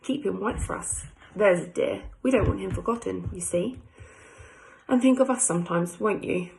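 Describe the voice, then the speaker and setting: A woman reading aloud, giving a kindly elderly woman's lines in a soft, gentle voice. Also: mid-range voice, moderate pace, gravelly, slight background noise, lightly acted, poor audio. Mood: tender.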